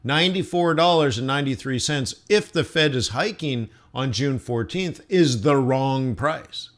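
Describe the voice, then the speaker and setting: A man hosting live market commentary, talking in an animated, blunt and mocking way. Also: medium pitch, measured pace. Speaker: trading show host.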